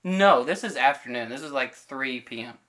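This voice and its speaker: A man's voice: medium pitch, normal speed. Man animatedly telling a story on a podcast. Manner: animated storyteller acting out quoted dialogue; loose, filler-heavy retelling with self-corrections. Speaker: podcast co-host. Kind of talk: casual storytelling chat.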